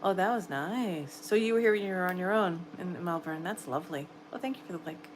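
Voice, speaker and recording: A woman's voice: fairly low pitch, brisk, a little hiss or hum, rough recording. A middle-aged woman with a New York accent, chatting casually and encouragingly with viewers on a late-night livestream. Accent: American, New York. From New York area, US. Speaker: livestream host. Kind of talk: casual live chat reading comments. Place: home at night, quiet room.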